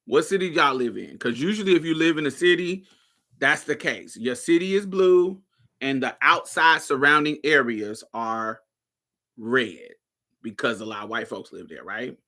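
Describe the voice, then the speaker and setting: Here the Indianapolis host speaks at a normal pace with medium pitch and a sharp tone. He rambles loosely and profanely through casual livestream commentary, often checking whether listeners are with him.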